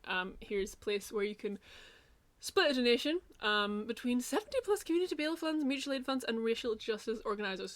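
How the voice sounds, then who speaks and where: A woman's voice: mid-range voice, a bit bright. Rambling woman hosting a stream. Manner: rambling, lots of fillers and restarts. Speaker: host. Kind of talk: casual livestream chat.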